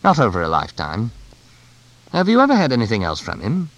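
A man's voice: medium pitch, huge pitch swings, a little fast, a bit bright, dry recording. A man voicing a jovial, breezy middle-aged bush pilot who has settled in Kenya, in an audiobook. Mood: wry. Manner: chuckling, breezy, expansive.

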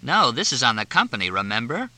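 A man's voice: medium pitch, big pitch swings, quick pace, pushed and bright, dry recording, voice pushed up, poor audio. A man doing Cindy, a giggly teasing young woman.

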